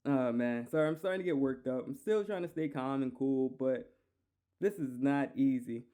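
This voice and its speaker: A man's voice: medium pitch, normal speed, warm tone, smooth. A man hosting a solo podcast, ranting heatedly and profanely, repeating himself. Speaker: podcast host.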